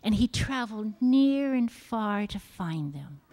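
A woman giving a children's sermon in church, reading a Bible story in a gentle, expressive storytelling manner. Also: mid-range voice, slow. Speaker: children's message leader at church. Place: church sanctuary.

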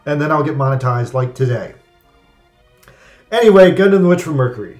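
A man hosting a comedic anime review, rambling and jokey in an excitable way. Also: on the high side. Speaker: anime reviewer and channel host. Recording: echoey room with faint music.

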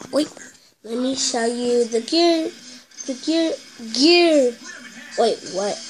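A woman hosting a casual unboxing video, chatty and excitable, stopping often to correct herself. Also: a little high, poor audio. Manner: chatty, excitable, stop-start with many self-corrections. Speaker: video host.

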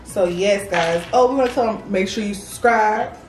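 A woman appearing as a guest in a mukbang video chats casually about the food between bites, at a moderate pace in a mid-range voice. The audio is roomy, from a distant mic, with faint music in the background.

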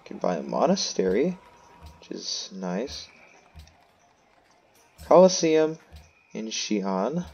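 A man's voice: on the low side, sing-song, takes it slowly, creaky, long pauses, a little mellow, breathy edge, muffled recording. A man giving casual gameplay commentary, thinking aloud and making self-mocking asides. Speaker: let's play host.

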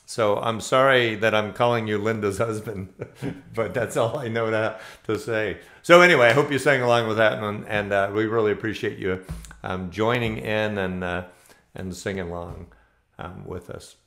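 A man hosting an online ukulele play-along, introducing players in a relaxed way with plenty of ums and uhs. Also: lowish voice, normal speed. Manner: easygoing, many ums and uhs. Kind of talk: casual spoken introductions. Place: home, online video meetup.

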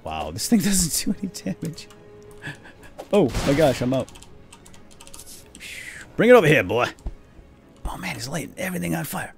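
A man hosting a let's play video, commenting on a boss fight with excited exclamations. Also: on the high side, moderate pace, vocal fry, pauses often, music in the background. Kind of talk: gameplay commentary.

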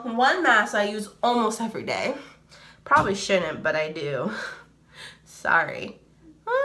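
A woman's voice: medium pitch, bright, forceful tone. A woman in her twenties casually chatting through a skincare review, rambling and laughing often. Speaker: beauty vlogger.

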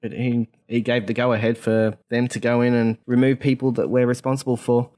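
A man's voice: medium pitch, level tone, brisk, mellow. A man co-hosting a podcast over a video call, earnest and worked up, rambling in casual chat. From Australia. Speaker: podcast co-host.

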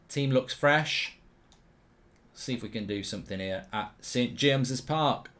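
A middle-aged man commentating on his own football video game, grumbling and swearing one moment and yelling the next. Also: medium pitch, a little slow. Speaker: gaming streamer. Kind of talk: live gameplay commentary.

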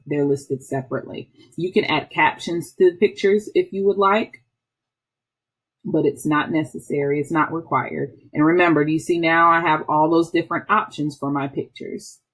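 A woman, an instructional technology trainer, walking through software step by step in a patient, explaining way with small restarts. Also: sits low, slightly rough. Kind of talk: screen-recorded software tutorial.

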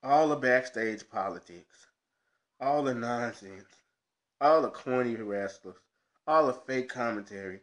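A wrestling fan vlogger rants casually to camera, frustrated and swearing heatedly about wrestling. His voice is medium-pitched and his pace is measured.

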